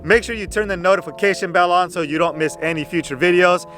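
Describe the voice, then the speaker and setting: Chatty male channel host, fairly high voice, faint background music. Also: steady tone, fast talker, a bit bright. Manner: chatty, repeats "go ahead", frequent "uh" fillers. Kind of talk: casual game guide commentary.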